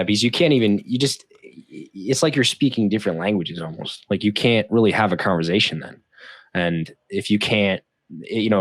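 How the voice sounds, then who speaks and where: A man's voice: fairly low pitch, dry recording. A man who is a podcast guest, reflecting thoughtfully in a casual conversation.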